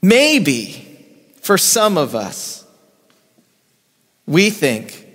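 A man in middle age delivers a sermon in a fairly high voice for a man. He swings from raised, stressed lines down to quiet, hushed passages. His voice rings with the long reverb of a church hall. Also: wildly swooping pitch, slow, pauses often. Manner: preaching with big swings between raised emphasis and hushed, soft passages. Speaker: pastor. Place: church sanctuary.

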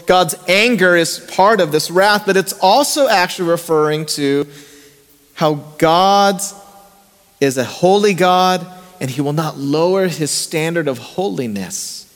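Male pastor, light high voice, chatty sermon delivery with rhetorical questions, long church-hall echo. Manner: conversational, asks the congregation rhetorical questions. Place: church sanctuary.

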